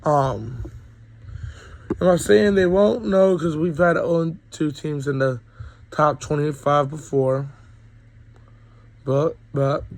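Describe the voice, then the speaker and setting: A man's voice: medium pitch, a little mellow, rough recording. A young man with a cold giving a rambling, opinionated college football recap, full of ums. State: sick, coughing. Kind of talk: casual sports recap monologue.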